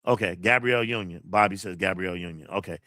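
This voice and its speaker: A man hosting a casual livestream, excitable, repeating phrases and talking to his chat. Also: sits low, fast talker, no echo, studio quality. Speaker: livestream host.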